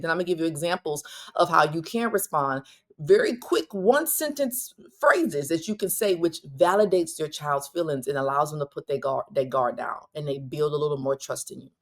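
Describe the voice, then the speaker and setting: Her voice is low-pitched as she hosts a solo parenting podcast, talking straight to listeners with bluntness, fast side comments and restarts.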